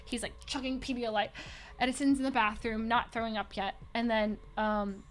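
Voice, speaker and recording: A woman with a notably high voice tells a story in casual chat. She slips into quoted voices and laughs often as she goes. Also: level tone, normal speed, a little hiss or hum. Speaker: storyteller recounting a trip.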